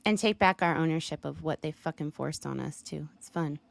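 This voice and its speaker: A woman's voice: low-pitched, brisk, gravelly. Effusive woman hosting a livestream. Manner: warm, effusive, swears casually. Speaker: livestream host. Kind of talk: casual livestream chat.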